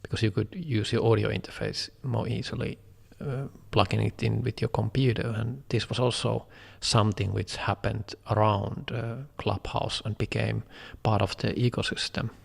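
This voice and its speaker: Gravelly low-voiced man, reverberant. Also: fairly even intonation. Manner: thoughtful, measured with fillers. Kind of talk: casual chat.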